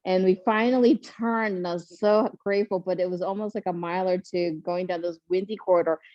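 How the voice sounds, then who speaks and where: A woman's voice: on the low side, fairly quick, no echo. Chatty woman telling a race story. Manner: animated, laughing, acts out quotes. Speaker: panelist, first-time marathoner. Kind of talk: casual storytelling on a panel. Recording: muffled lo-fi sound.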